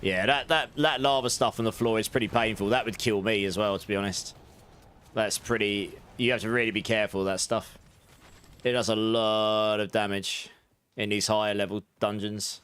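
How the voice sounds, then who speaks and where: A man's voice: fairly low pitch, steady tone, moderate pace, fairly bright tone, clear, resonant tone. A young man livestreaming a game, chatting casually with his viewers and thanking them, his voice a little sore. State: slightly sore voice. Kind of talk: casual gameplay chat with viewers.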